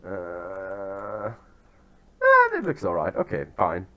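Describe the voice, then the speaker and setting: Excitable young man commentating a football sim. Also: low-pitched, extremely slow. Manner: excitable, chatty, self-deprecating, sudden yelps. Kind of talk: casual gaming commentary. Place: outdoors near turkeys.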